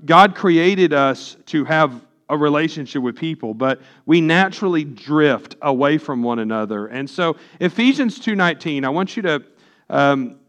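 Guy with a high voice preaching, reads verses slow, asks the church questions as he goes. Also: fairly bright tone. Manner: reads scripture slowly, asks the congregation questions. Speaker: pastor. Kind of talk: sermon.

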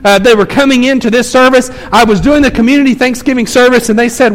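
A male pastor with a very high-pitched, steady voice preaches a sermon at a quick pace in a church sanctuary. He is emphatic and conversational, telling stories to his congregation, and the recording carries long church-hall reverb.

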